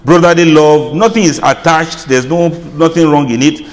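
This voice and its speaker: A man's voice: on the high side, normal speed. Man lecturing in an echoing hall. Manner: humorous, chatty asides, laughs at own jokes. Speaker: Islamic lecturer. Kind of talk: lecture to an audience.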